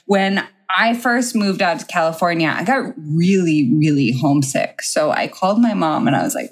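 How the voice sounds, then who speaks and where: A woman's voice: fairly low pitch, expressive, moderate pace, few pauses. A woman from Montauk co-hosting a podcast, frank and blunt in casual chat. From Montauk, New York. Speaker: podcast co-host.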